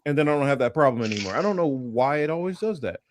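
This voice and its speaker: A man's voice: mid-range voice, lively intonation, fast talker. Man on a noisy video call. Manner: apologetic, explaining tech trouble. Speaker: podcast co-host. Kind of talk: casual chat.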